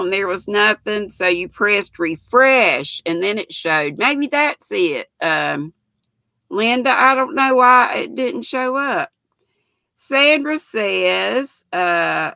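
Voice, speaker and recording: Southern woman in her sixties, livestream host: gravelly, bright-toned voice, folksy and chatty. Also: medium pitch, dry recording. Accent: Southern American. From North Carolina, US. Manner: folksy and chatty, greets viewers by name. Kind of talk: casual live chat, reading viewer comments aloud.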